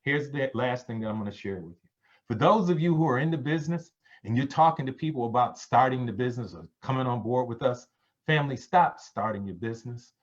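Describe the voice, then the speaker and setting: A man giving a sales pitch on a conference call, preachy, calling his listeners family. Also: expressive, a little fast. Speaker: presenter on a business call. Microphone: conference call line. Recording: dull lo-fi call audio.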